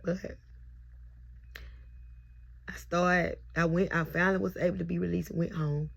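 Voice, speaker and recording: A woman's voice: fairly low pitch, flat delivery, brisk, creaky. A young mother recording herself on camera as she tells a heartfelt, repetitive birth testimony. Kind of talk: emotional personal testimony. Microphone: self-recorded on camera.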